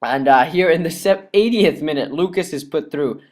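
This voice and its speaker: A young man doing voice-over commentary on a football video game, excitable and laughing often, his voice dry and cracking. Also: on the high side, normal speed. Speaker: gaming YouTuber. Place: cold room at home.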